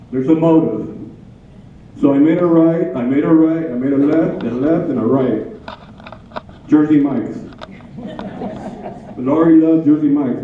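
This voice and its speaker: A man's voice: fairly high pitch, a little hiss or hum. Man telling a heartfelt story in an echoey hall. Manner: heartfelt, rambling anecdotes with repeated phrases. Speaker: widower giving a tribute speech. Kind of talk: personal storytelling speech. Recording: echoey hall, tinny and from far off.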